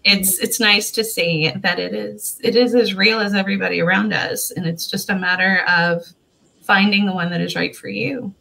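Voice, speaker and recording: A woman's voice: medium pitch, steady tone, moderate pace, gravelly, pushed and bright, rough recording. A woman host, chatting and telling a local history story, laughing often as she goes. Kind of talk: lively storytelling chat.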